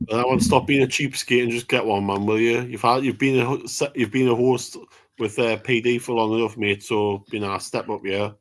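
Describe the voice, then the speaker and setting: A man's voice: mid-range voice, fairly even intonation, normal speed. An English man co-hosting a casual live stream, bantering and teasing in a chatty way. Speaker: co-host.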